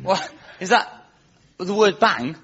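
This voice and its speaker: A man's voice: high-pitched, expressive, takes it slowly, loud music behind the voice. A man from Wales hosting a comedy show, telling stories in a self-mocking, wry, chatty way before a live audience. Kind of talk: stand-up storytelling. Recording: muffled live audience recording with noise.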